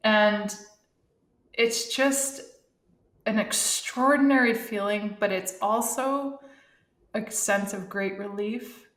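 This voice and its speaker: A middle-aged woman, a former Olympic athlete, telling animated stories in a casual podcast interview, laughing often. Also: mid-range voice, slow pace, long pauses, roomy sound.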